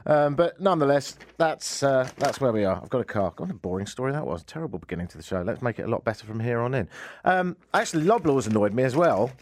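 Speaking fast and animatedly at medium pitch, this English radio host rants with wry exasperation in a casual comic monologue. He has an English accent, is in a radio studio, and a little hiss or hum can be heard.

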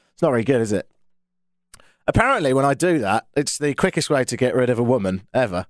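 A man's voice: mid-range voice, big pitch swings, fast talker, dry recording. An English man hosting a radio talk show from a studio, with dry, self-mocking banter. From England. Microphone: studio microphone.

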